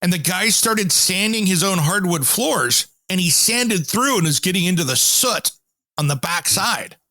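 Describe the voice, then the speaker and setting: A man's voice: high-pitched, measured pace, dry recording. A man hosting a home improvement show, telling stories in a casual chat and acting out the people he quotes. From Pacific Northwest, US. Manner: animated storyteller, acts out quotes.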